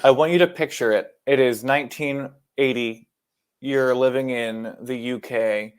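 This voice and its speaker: A man's voice: medium pitch, measured pace, clear, resonant tone. A man with an American accent, co-hosting a podcast in casual, jokey chat, swearing freely and laughing at himself. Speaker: podcast co-host.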